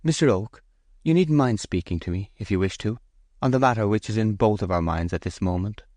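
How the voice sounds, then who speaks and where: A man's voice: fairly low pitch, fairly quick, a little mellow, no room sound, natural voice. Man voicing a proud grieving young farm mistress. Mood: wistful. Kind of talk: audiobook character voice.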